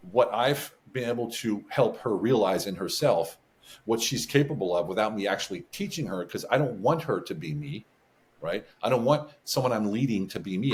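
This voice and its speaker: Animated low-voiced American man. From United States. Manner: animated storyteller, chuckles often. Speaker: podcast guest, business advisor. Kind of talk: casual interview talk.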